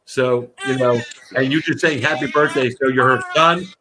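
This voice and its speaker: A man's voice: medium pitch, normal speed, a crowd in the background. A man hosting a casual live-streamed fighter interview show, effusive and rambling, with casual swearing.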